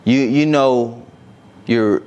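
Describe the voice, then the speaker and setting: A man's voice: mid-range voice, very slow, a little mellow, dull audio. A man co-hosting a podcast, talking frankly and casually about dating, with the occasional swear word. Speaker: podcast co-host.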